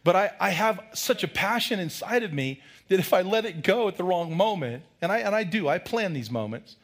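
A middle-aged man, a pastor, preaching a lively sermon with loud, humorous storytelling. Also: high voice, brisk.

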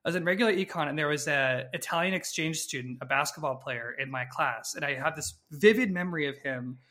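A young adult man with a bright, forceful tone riffs through a casual movie chat. He rambles and jokes as he tells stories, his voice bright and full of push. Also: a little high, fairly quick. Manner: rambling, jokey storyteller. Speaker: returning podcast guest.

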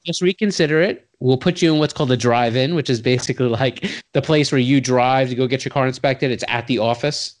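A man's voice: mid-range voice, a little fast, few pauses. A man, telling a long personal story in casual talk, acting out the voices of the people in it, full of "like" and restarts. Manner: animated, acts out quoted voices with sudden loud jumps; heavy use of "like" and restarts, swears casually. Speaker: guest telling his career story.

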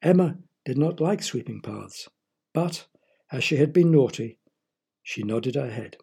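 A man reading a children's story aloud in a gentle, explanatory manner. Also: medium pitch, expressive, unhurried, vocal fry, breathy edge.

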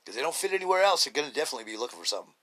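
A middle-aged man talks through his podcast in a loose, rambling monologue, blunt and full of fillers and restarts. His voice is bright and forceful, sitting at an ordinary pitch for a man. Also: sing-song, racing. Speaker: podcast host. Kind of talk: casual monologue.

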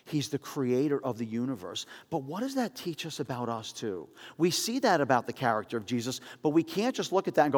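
A male pastor preaching in a casual, storytelling way with animated asides. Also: mid-range voice, fairly quick, few pauses, in a large hall. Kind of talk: sermon.

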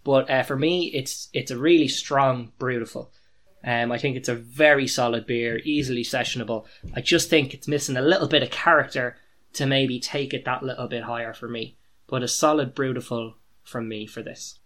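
A man's voice: medium pitch, fairly even intonation, moderate pace, fairly bright tone. An Irish man co-hosting a beer podcast, chatting casually and giving his verdict on a beer. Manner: chatty, joking, reviewing beer. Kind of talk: casual chat.

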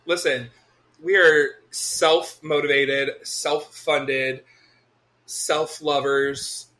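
A man co-hosting a casual chat podcast, animated and quick to laugh, swearing freely. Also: fairly high pitch. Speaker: podcast co-host.

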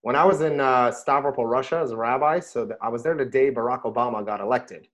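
A middle-aged man, a rabbi, chatting casually about scripture and telling stories with lively bursts when he quotes himself. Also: mid-range voice, fast. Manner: animated storyteller, rises sharply when quoting himself. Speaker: rabbi and podcast host. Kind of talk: casual Torah discussion and storytelling.

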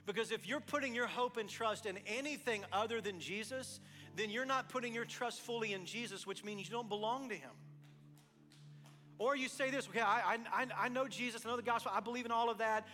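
High, bright-voiced pastor preaching. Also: male voice, a little fast, in a large hall, faint music behind. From East Texas. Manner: animated storytelling, acting out both sides of dialogues, then quiet earnest appeal. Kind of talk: sermon.

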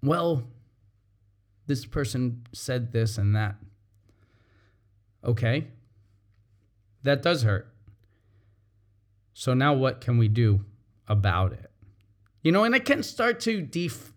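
A man, a teacher and parent, giving a reflective talk, explaining patiently and repeating his key points. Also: medium pitch.

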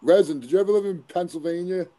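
Man, mellow dark voice, laid-back, joking, casual chat. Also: sits high, quick pace.

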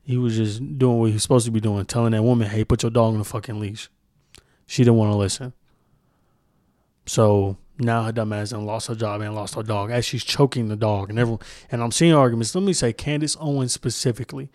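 A man's voice: fairly low pitch, steady tone, fairly quick, darkish tone, no echo, studio quality. A young man hosting a solo podcast, ranting with heavy profanity and mocking impressions. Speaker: podcast host. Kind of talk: heated solo podcast rant.

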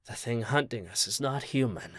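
A man's voice: medium pitch, animated, normal speed, fairly bright tone, no room sound, studio quality. A man doing a hissing, whispering killer. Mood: tense whisper. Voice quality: hissed whisper. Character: nervous male killer, whispering and hushed.

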